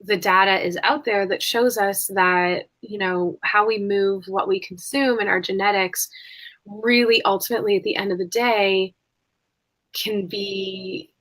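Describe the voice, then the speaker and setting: Bright-voiced woman hosting a podcast. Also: mid-range voice, steady tone, a little slow. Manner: reflective, many filler words. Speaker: podcast host. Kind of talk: conversational podcast interview.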